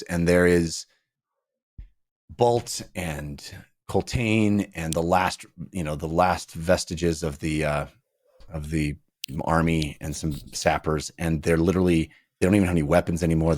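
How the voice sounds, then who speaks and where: A man's voice: very deep voice, moderate pace, no echo, studio quality. A man hosting a book podcast, talking casually and playfully acting out scenes from the novel. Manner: animated, acts out characters in funny voices.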